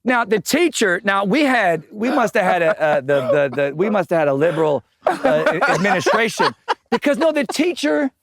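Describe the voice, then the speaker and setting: A man with a high, very lively voice tells comedic stories as a guest in a chat. He is animated, laughs often, and acts out the people he quotes. The sound is close and dry. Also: normal speed, no room sound. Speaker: guest musician. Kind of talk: comedic storytelling in casual chat.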